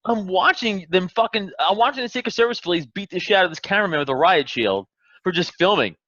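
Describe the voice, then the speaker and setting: A man's voice: high voice, animated, quick pace, bright, forceful tone, no room sound, dull audio. Heated, swearing man ranting on a podcast. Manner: heated, profane, emphatic ranting. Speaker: podcast host. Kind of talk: casual podcast chat.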